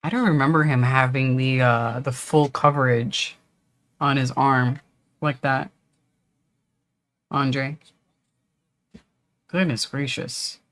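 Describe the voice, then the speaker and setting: A woman's voice: a bass voice, steady tone, slow, long pauses. A woman hosting a livestream, chatting casually and reading out viewer comments. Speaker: livestream host.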